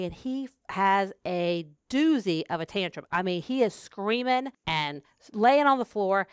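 A woman in her forties hosting a podcast, telling stories in a lively, casual way and laughing often. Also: mid-range voice, normal speed, hardly any pauses, smooth, no echo, clean studio sound. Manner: animated storyteller, laughs often. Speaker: podcast host, speech therapist.

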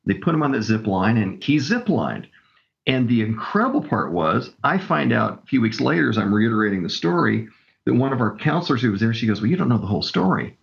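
A man's voice: medium pitch, very animated, fairly quick, creaky, lo-fi sound. A man telling stories with enthusiasm as a guest in a casual interview. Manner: enthusiastic storyteller. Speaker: camp director guest.

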